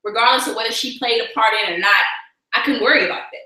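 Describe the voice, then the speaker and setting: Bright-voiced woman guest in a very echoey room. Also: a little high, very fast. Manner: candid, reflective, talks with "like" and "you know". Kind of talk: casual faith talk chat.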